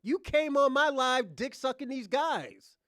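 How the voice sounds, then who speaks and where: Man, livestream host, high voice, mocking, frequent laughs, dry close sound. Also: expressive, a little slow, sharp tone, no echo. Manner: mocking, laughs often, repeats himself. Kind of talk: casual livestream rant.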